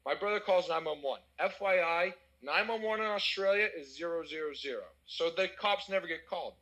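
A young American man telling a wild party story in casual chat, animated and swearing. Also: on the high side, a little fast, low-quality recording. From United States.

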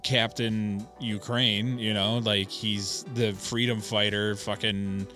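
A man's voice: on the low side, level tone, takes it slowly, bright, forceful tone, faint music behind. A man co-hosting a podcast in casual banter. He explains things at length and swears freely. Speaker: podcast co-host.

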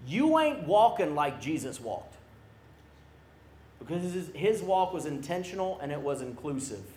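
A man preaching a sermon to a youth camp crowd, animated and calling for responses from the audience. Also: fairly high pitch, a little slow. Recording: roomy hall echo.

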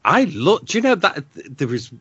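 A man from England co-hosting a podcast in casual chat, blunt and animated, often laughing. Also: sits high, brisk, husky, dry recording, dull audio. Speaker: podcast co-host.

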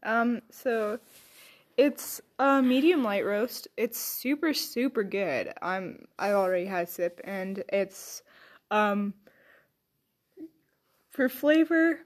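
A woman co-hosting a coffee podcast in casual chat, halting and giggly as she loses her words. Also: medium pitch, lively intonation. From Irish. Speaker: podcast co-host.

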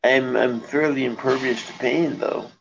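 Man, gravelly voice, rambling jokey chat, muffled lo-fi call audio, faint hiss. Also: medium pitch, steady tone, normal speed. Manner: rambling, jokey, with playful sing-song asides. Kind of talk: casual chat over a call.

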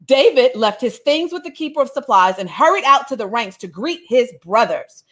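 Lively woman teaching a Bible lesson. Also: a little high, normal speed. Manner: lively and conversational, breaks off reading to comment. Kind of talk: casual Bible lesson with read-aloud and commentary.

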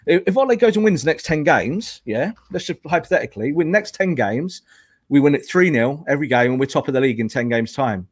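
An emphatic man holds forth as a guest pundit on a football podcast. He argues his case in a lecturing way and often circles back to hammer a point home. His voice sounds dry and close, with no room echo. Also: medium pitch.

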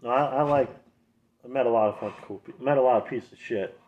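Speaking quickly at medium pitch, this young Minnesotan podcast co-host spins loose, profanity-laden stories and laughs while he swears. The audio is dull and lo-fi.

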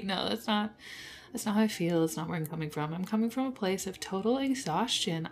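A woman's voice: on the low side, normal speed. A woman hosting a personal podcast, venting her frustration in an emotional monologue with bitter laughs, close to tears at moments. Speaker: podcast host.

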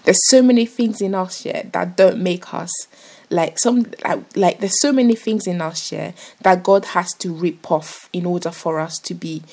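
A woman's voice: medium pitch, darkish tone. A young woman talking earnestly and casually to her viewers about faith, rambling with many fillers and restarts. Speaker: vlogger. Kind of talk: casual faith talk to camera.

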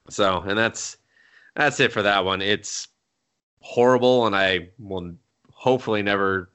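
A man co-hosting a podcast in casual chat, animated and profane, laughing often as he recaps shows over a remote call. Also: fairly low pitch, slow pace, long pauses, clean tone. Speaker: podcast co-host.

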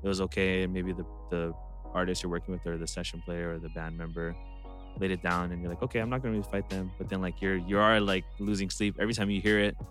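A man's voice: low-pitched, little pitch movement, fast, fairly bright tone. A man who works as a music producer and engineer, talking casually, laughing often and acting out what artists say. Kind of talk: casual podcast chat.

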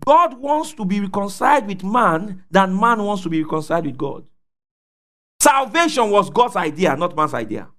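A man preaching a sermon, calling out questions for the congregation to answer and rising to shouts at the peaks. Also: sits high, big pitch swings, moderate pace. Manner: call-and-response preaching, asks congregation to fill in words.

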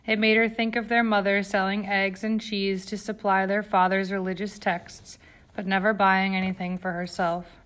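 Woman narrator, audiobook reading, calm, even, mid-pitched voice. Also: normal speed. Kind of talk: scripted narration.

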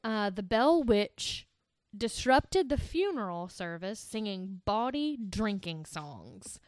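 A woman's voice: mid-range voice, sing-song, takes it slowly, darkish tone, dry recording. Chatty woman podcaster, dry close sound. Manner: chatty and profane, many ums. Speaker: podcast co-host. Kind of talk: casual storytelling podcast.

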